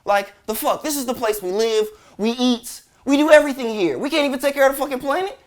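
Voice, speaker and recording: A man's voice: extremely high pitch, fast. A man hosting a commentary show, ranting in exasperated disbelief with heavy swearing.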